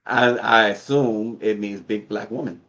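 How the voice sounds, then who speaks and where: A man's voice: fairly low pitch, a little slow, dull audio, background noise. A man co-hosting a morning news show, chatting casually and chuckling often as he talks. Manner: chuckles often while talking.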